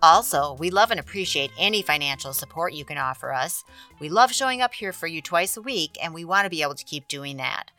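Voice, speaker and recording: A woman hosting a podcast, telling a story in a casual, animated way. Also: deep voice, a little fast, faint music behind. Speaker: podcast host.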